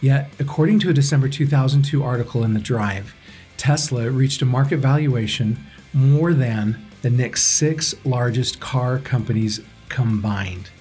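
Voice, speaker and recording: A man hosting a business podcast, reading a scripted intro and asking interview questions in a measured, steady way. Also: mid-range voice. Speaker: podcast host.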